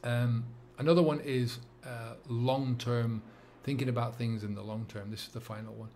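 A middle-aged man with a Dublin accent, talking to camera as a sobriety coach, earnest and halting with many fillers and restarts. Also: medium pitch, little pitch movement, a little mellow, a little hiss or hum. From England and Ireland. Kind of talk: reflective monologue to camera.

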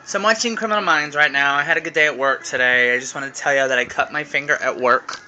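A man's voice: on the high side, quick pace, bright, forceful tone, slight background noise. A man chatting in a casual, rambling vlog from home into his phone, talking while chewing candy. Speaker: vlogger. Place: at home, indoors. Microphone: phone camera.

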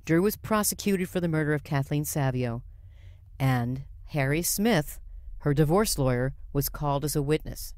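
A woman's voice: sits low, expressive, normal speed, a little mellow, no echo. Woman, middle-aged, true-crime podcast host, emphatic narration, dry studio sound.

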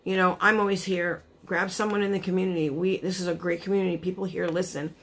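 Speaking fast in a lowish voice with flat delivery, a woman vlogger chats casually to camera. She's gushing and emotional, full of "like" and "you know," and audibly choked up near tears.

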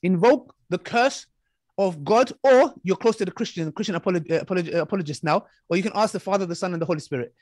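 Fast, high-voiced mocking man debating. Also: darkish tone, no room sound, clean studio sound. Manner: mocking, talks over the other, repeats himself. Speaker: online preacher debating an ex-Muslim. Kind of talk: heated online debate.

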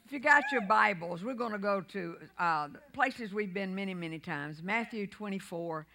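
Middle-aged woman pastor, bright and forceful, sermon with shouted peaks and call-and-response. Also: mid-range voice, normal speed. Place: church sanctuary.

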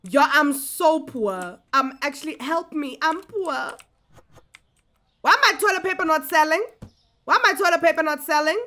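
Lively high-voiced woman. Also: moderate pace. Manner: animated, exclaiming, chatting to viewers. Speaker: gaming streamer. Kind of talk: casual gameplay commentary.

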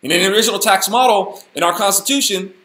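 A man hosting a casual Bible study, talking in an animated, folksy, slangy way. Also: sits high, quick pace, roomy sound. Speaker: host, Bible teacher.

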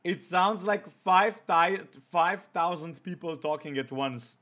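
A man's voice: sits high, takes it slowly, pushed and bright. A young man streaming a horror game, cracking crude jokes and reading on-screen messages aloud. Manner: profane, joking, reads on-screen text aloud. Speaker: gaming streamer. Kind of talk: let's play commentary.

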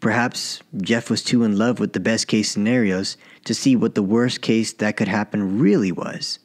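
A man narrating his own short story as an audiobook, in a measured, even reading. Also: on the low side. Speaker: author and narrator.

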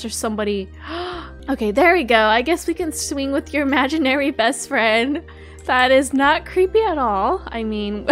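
A young woman giving bubbly, excitable role-play game commentary, gasping often. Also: high-pitched. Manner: bubbly and excitable, frequent gasps. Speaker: gaming YouTuber.

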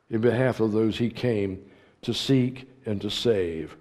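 Slow-preaching pastor man, echoing sanctuary. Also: lowish voice. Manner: slow preaching with wide swings from loud to hushed. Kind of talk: sermon. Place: church sanctuary.

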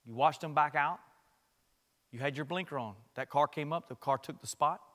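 A man preaching a sermon as pastor, switching between loud impassioned passages and quiet conversational asides, with repeated phrases. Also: a little high, normal speed, in a large hall.

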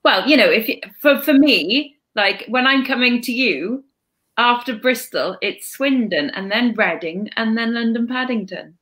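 A woman's voice: on the high side, expressive, a little slow, a bit bright. A woman with a slight Welsh lilt chatting casually as co-host, self-deprecating and often restarting her sentences. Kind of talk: casual chat.

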